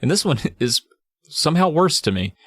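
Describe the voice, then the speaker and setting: A man co-hosting a podcast, casually recapping a book, animated and swearing as he acts out scenes. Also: a little high, normal speed, no room sound, studio quality. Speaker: podcast co-host.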